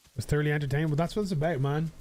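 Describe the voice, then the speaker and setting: Chatty Irish streamer with a high voice. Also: male voice, fairly even intonation, rapid-fire, darkish tone. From Ireland. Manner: rambling, chatty, swears casually, frequent fillers. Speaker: game streamer. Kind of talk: casual live-stream chat while gaming.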